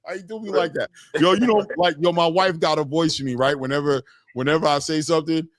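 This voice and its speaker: Teasing, high-voiced man, dry sound. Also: fairly even intonation, quick pace, no room sound. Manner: playful, teasing, then direct questioning. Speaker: host. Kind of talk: casual interview chat.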